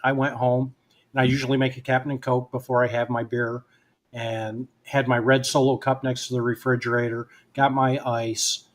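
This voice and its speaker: A man's voice: mid-range voice, little pitch movement, moderate pace. A man, a guest hypnotist, telling a personal story in casual conversation and acting out both sides of the remembered dialogue.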